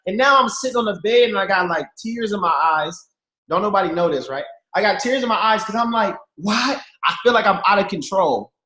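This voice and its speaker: A man's voice: high voice, a little fast. A man in his thirties telling jokey, slangy stories to a team on a video call and talking straight to his listeners. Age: 30s. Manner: lively, slangy, jokey, addresses listeners directly. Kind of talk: animated storytelling to a group. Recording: echoey room over a video call.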